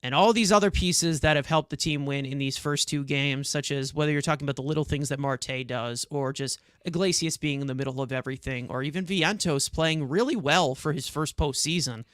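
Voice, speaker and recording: A man's voice: fairly high pitch, brisk, few pauses, fairly bright tone, no room sound, clean studio sound. A man with a New York accent co-hosting a sports podcast, ranting and swearing as he airs his frustration. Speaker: podcast co-host. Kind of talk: heated sports reaction talk.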